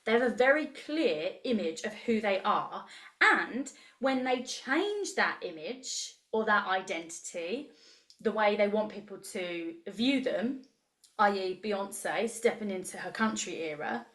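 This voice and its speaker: A woman's voice: mid-range voice, lively intonation, measured pace, fairly bright tone. Upbeat woman coaching live online. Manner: chatty, enthusiastic, reads out chat replies. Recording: roomy echo.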